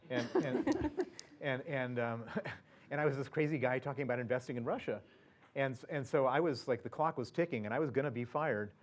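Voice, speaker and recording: A man's voice: medium pitch, a little fast, slight background noise. Man telling a story with many restarts. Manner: chatty, many fillers and restarts, chuckling. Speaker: guest speaker. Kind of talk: anecdotal storytelling to an audience.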